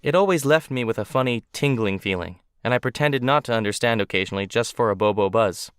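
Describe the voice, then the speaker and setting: Man, audiobook narrator, smooth resonant voice, close dry studio sound. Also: mid-range voice, expressive, fast talker, fairly bright tone, no room sound. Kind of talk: scripted first-person narration.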